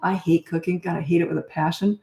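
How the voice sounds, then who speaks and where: A woman's voice: on the low side, steady tone, quick pace, creaky, mellow, roomy sound. An older woman coaching parents in casual talk, blunt and no-nonsense, often acting out what parents and children say. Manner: blunt, no-nonsense, acts out quoted lines.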